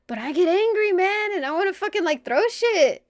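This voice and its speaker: A young woman streamer chatting casually and telling a personal story, animated, swearing often and laughing between phrases. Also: extremely high pitch, fairly quick, no room sound, clean studio sound.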